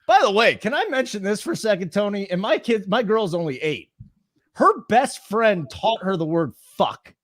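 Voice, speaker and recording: A middle-aged man co-hosting a casual sports podcast, telling stories in an animated way and swearing freely. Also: high voice, moderate pace. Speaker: podcast co-host.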